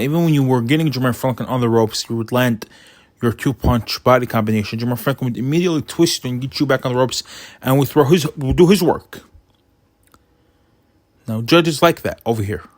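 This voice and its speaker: A man giving his opinionated casual commentary on a boxing result, getting animated as he retells funny moments. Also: mid-range voice, moderate pace, no echo.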